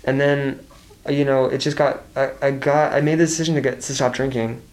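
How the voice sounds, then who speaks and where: A man's voice: mid-range voice, steady tone, a little fast, a little mellow. Podcast guest, man in his twenties, candid, rambling, lots of restarts. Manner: rambling, swears freely, many restarts. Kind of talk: candid casual conversation.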